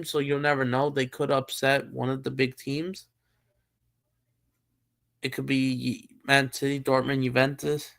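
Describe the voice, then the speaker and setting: A man's voice: on the high side, gravelly, fairly bright tone, smooth. A man hosting a live stream, chatting casually about football and thinking aloud with many fillers and restarts. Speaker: streamer host.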